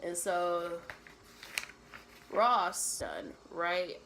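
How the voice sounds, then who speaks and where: A woman's voice: mid-range voice, slow pace, noisy background. A young woman retelling a classic play in casual slang, mixing read verse with her own summary and often adding "right?".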